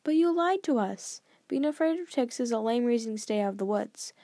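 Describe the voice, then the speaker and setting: A woman voicing a cheeky, defiant young boy who blurts things out and argues eagerly, pitched higher than her narration. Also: lively intonation, fairly quick, dark tone, dry recording.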